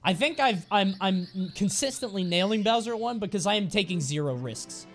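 A male game streamer chatting live over his play in a mid-pitched voice, swearing and joking. His delivery is animated, rising and falling freely, with faint music underneath. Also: normal speed. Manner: playful, sweary, jokey. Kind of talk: live gameplay commentary.

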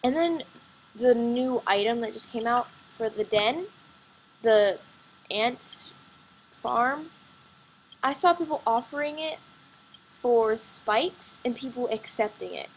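Excitable chatty woman at home. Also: a little high, slow pace, long pauses, a little hiss or hum, rough recording. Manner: excitable, chatty, full of fillers. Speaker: gaming vlogger. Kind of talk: rambling gameplay chatter. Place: at home by a computer.

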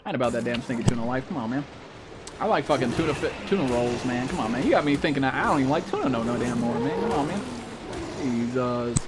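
A man streaming a game live, chatting casually and excitably with viewers and swearing constantly. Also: medium pitch, fast, noisy background. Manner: profane, excitable, calls viewers bro and dude. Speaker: gaming streamer.

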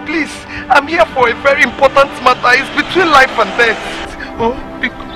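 A woman's voice: high-pitched, normal speed, over music, natural voice. A Nigerian actress playing a woman who begs tearfully to be let in, pleading over and over. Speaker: sister-in-law begging at a door. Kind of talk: film drama acting. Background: film score.

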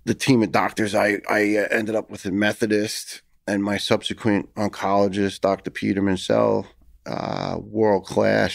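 A man's voice: lowish voice, creaky, no echo, studio quality. A man telling a personal story in a podcast interview, earnest and heated, often repeating words as he talks. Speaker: podcast guest, retired firefighter.

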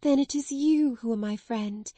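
A woman lifts her voice into a tender young storybook girl, high and eager. She speaks in a soft, dark-toned voice with breathless wonder. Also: moderate pace, dry recording, close to an everyday voice. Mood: joyful.

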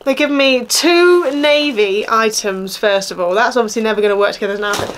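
A woman in her thirties with an Essex accent talks in a fairly high voice. She chats casually to camera and keeps sounding exasperated and let down. A faint noise sits under the recording. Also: brisk. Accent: Essex English. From England. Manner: chatty, exasperated, complaining. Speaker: vlogger. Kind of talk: casual haul chat.

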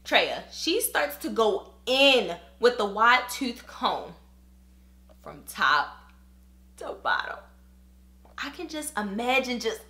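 A woman's voice: a little high, reverberant. A woman vlogger in casual chat, reading a viewer's email aloud and talking straight to her viewers. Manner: chatty and animated, talks straight to viewers.

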